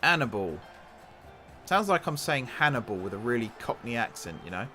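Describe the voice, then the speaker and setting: A gaming channel host with a medium-pitched, fairly quick voice gives casual commentary on a football management game. Faint music sits underneath as he excitedly addresses and urges on his players.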